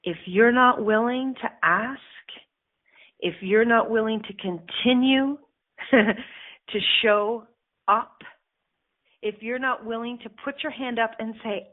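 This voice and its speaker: A woman's voice: a little high, slow. Blunt, swearing woman motivational radio host. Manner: blunt, swears, animated with laughs. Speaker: radio show host and life coach. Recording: phone-like narrow band audio.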